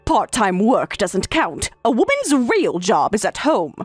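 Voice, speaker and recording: A woman's voice: medium pitch, huge pitch swings, a little slow, breathy edge, dry recording, soft background music, full character voice. A synthetic woman's voice reading a domineering older mother-in-law who lectures and scolds. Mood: scolding. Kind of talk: text-to-speech story reading.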